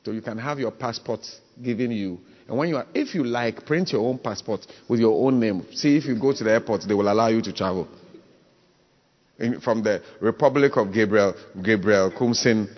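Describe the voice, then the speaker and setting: Man preaching in a hall. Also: moderate pace. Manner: repetitive, asks listeners if they understand; mimics high voices for humor. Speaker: pastor. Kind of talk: preaching sermon. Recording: dull, reverberant hall.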